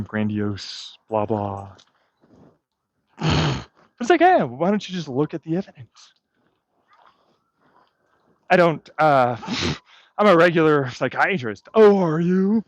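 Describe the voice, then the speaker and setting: A man's voice: mid-range voice, dry recording. A man vlogging outdoors while walking his dog, ranting in an agitated, profane way with bitter muttering. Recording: dull lo-fi dry sound.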